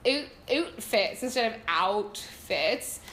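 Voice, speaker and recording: A woman's voice: a little high, animated, moderate pace, a bit bright, slight background noise. A young Canadian woman with a Canadian accent, chatting casually and giggling as she answers viewer questions about her home country. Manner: chatty, giggly, self-deprecating. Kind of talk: casual chat. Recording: echoey room.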